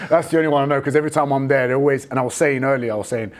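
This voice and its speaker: A man's voice: medium pitch, rapid-fire. A man hosting a casual podcast chat, backing the guest up often with short affirmations. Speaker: podcast host.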